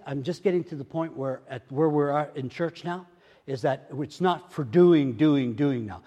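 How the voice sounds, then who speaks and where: An older man preaching a sermon as pastor, repeating phrases and swinging from hushed murmurs to loud exclamations. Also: a little high, normal speed, big-room sound. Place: church.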